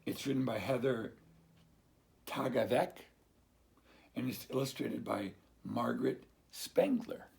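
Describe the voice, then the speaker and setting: A man reading a picture book aloud to children, slow and expressive, as a teacher. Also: mid-range voice, vocal fry.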